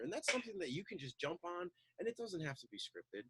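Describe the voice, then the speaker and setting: A man chatting loosely on a talk show, loud and excitable, acting out little quoted voices as he goes. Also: sits high, fast talker, few pauses, low-quality recording. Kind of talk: casual chat, animated storytelling.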